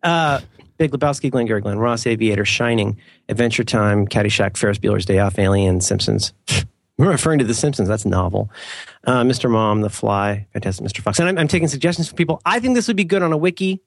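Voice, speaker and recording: A man's voice: on the low side, fast, no echo, clean studio sound. A man co-hosting a podcast in casual chat, rambling and self-mocking with playful mock-formal asides. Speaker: podcast co-host.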